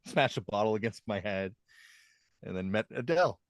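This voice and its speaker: A man with a somewhat low voice tells rambling, laid-back stories on a podcast. His delivery is casual and full of fillers. The sound is dry and close to the mic, with no room around it. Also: animated, moderate pace, dry recording. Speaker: podcast co-host. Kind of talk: casual chat.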